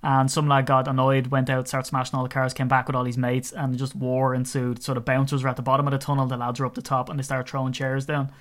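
A man's voice: medium pitch, completely flat delivery, fast talker, hardly any pauses. A young Irish man co-hosting a sports podcast, telling rambling stories and laughing often in casual chat. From Ireland. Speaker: podcast co-host.

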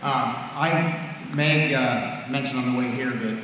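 A man's voice: mid-range voice, unhurried, fairly bright tone, a little hiss or hum. Man, playful father's speech, laughs at own jokes, distant mic, reverberant hall. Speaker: father giving a graduation tribute. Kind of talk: read speech at a ceremony. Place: large hall at a graduation event. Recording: echoey hall, heard from afar.

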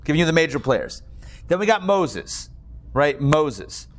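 A man's voice: fairly high pitch, big pitch swings, a little slow. A man teaching a Torah class to a live audience, chatty and joking, with a lot of digressions.

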